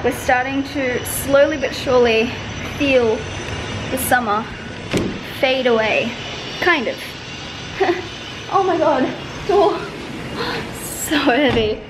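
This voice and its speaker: A woman's voice: sits high, slow pace, pauses often, noisy background. Tired, rambling young woman vlogging. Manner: rambling, swears casually, tired. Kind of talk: casual vlog chat.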